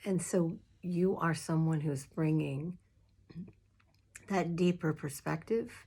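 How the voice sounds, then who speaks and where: A woman minister giving casual, heartfelt advice to fellow clergy, chatty and emotional, with fillers and small laughs, in a room with a squeaky chair. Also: slow pace, warm tone, slightly rough.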